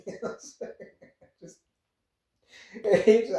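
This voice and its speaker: A man's voice: fairly high pitch, very animated, takes it slowly, long pauses, warm tone, a little hiss or hum. Laid-back Canadian man, roomy distant sound. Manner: laid-back, chuckles often, rambling. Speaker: vlogger. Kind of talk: casual rambling monologue. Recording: echoey room, far from the mic.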